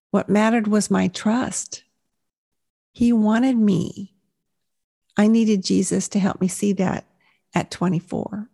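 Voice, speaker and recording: A woman's voice: mid-range voice, vocal fry, mellow. A woman in her sixties giving a personal faith testimony, telling her story in an earnest, reflective way. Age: 60s.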